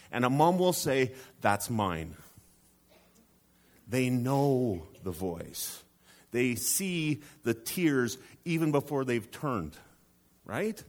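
A man preaching a sermon as pastor, acting out the scripture and then dropping his voice low and soft to stress a point. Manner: dramatic, drops to a hush for emphasis.

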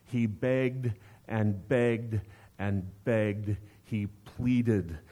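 A man's voice: on the low side, slow pace, a little mellow, husky. A man preaching a sermon in a conversational way, posing rhetorical questions to his listeners. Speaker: pastor.

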